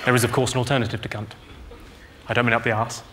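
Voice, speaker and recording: A man doing a stand-up comedy set on a theatre stage, trading deadpan one-liners and banter with the audience. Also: medium pitch, fast talker. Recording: live show with loud audience noise.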